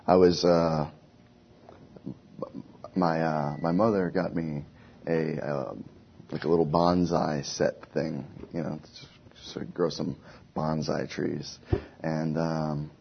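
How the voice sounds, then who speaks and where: A Bible teacher with a husky bass voice leads an informal lesson, speaking conversationally and frequently asking the class questions. The lo-fi recording sounds dull.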